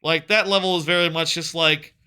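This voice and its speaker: A man's voice: a little high, fairly even intonation, brisk, bright, forceful tone. A man giving casual gameplay commentary as a streamer, rambling and sardonic, with frequent stammered restarts.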